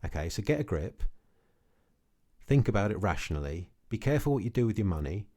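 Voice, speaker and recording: Blunt man, low mellow voice. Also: sing-song, a little fast. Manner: blunt, repetitive, says okay often. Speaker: crypto vlogger. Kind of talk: casual to-camera rant.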